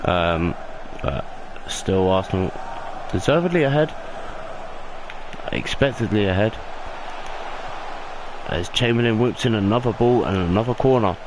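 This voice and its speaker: A young man doing excitable play-by-play football commentary over a video game he is playing. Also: background noise. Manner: excitable play-by-play, rising in pitch on big moments. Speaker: gaming YouTuber.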